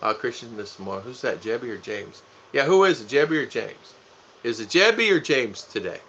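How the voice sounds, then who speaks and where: A man's voice: mid-range voice, sing-song, normal speed, fairly bright tone. A man co-hosting a casual live stream, joking with his wife and greeting viewers by name. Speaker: vlog co-host. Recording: dull lo-fi sound.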